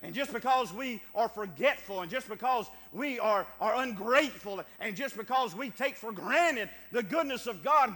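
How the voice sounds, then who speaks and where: A middle-aged man preaching a fervent, animated sermon, piling up emphatic repeated phrases. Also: extremely high pitch, normal speed, hardly any pauses. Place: church sanctuary. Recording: long reverb of a church hall, faint hum.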